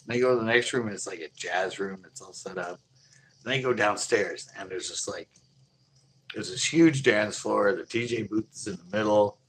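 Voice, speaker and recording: A man's voice: fairly low pitch, normal speed, fairly bright tone, a little hiss or hum. A man telling a long casual anecdote, rambling with many fillers and chuckling as he goes. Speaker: storyteller.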